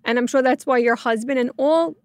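A woman in her forties hosting a podcast, chatting openly and telling lively stories. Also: high-pitched, fairly quick, no echo. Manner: animated storyteller, quotes voices expressively. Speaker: podcast host. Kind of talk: conversational interview.

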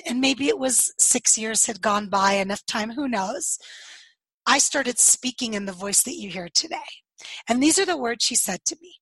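A woman with a slightly hoarse, husky voice, telling her life story in an interview and acting out the dialogue she recalls. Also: on the high side, a bit bright, dry recording, rough recording. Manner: storytelling, acts out quoted dialogue, laughs often. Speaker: podcast guest.

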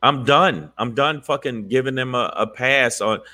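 A man co-hosting a casual political chat show, profane and animated, often mocking others in put-on voices. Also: mid-range voice, normal speed. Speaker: podcast co-host.

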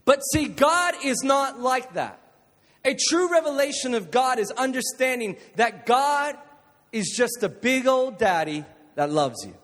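A man preaching a jokey, energetic youth sermon to a live audience in a church hall, calling on listeners to respond. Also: extremely high pitch, measured pace. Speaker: youth pastor. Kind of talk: youth sermon with jokes and stories.

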